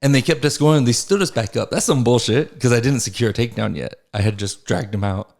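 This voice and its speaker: A man's voice: medium pitch, fast, vocal fry, darkish tone. A young adult man hosting a podcast, telling stories in casual chat, swearing freely and laughing as he talks. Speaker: podcast host.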